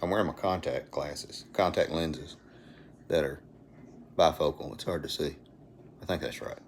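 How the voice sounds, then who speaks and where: Deep-voiced Alabama man chatting live. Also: moderate pace, slight background noise. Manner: folksy, rambling, talks to viewers by name. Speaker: livestream host. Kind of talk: casual live chat. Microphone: phone.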